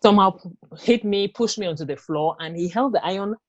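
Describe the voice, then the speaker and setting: A woman telling her own story in an interview, speaking haltingly with many fillers and restarts. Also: mid-range voice, dry recording, highs cut off. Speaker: interview guest. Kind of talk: personal testimony in an interview.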